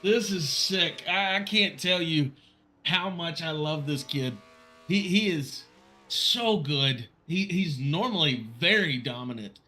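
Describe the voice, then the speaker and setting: A man calling a sim racing broadcast, excitable and quick to shout at big moments. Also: on the high side. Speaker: race commentator. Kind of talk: sim racing play-by-play commentary.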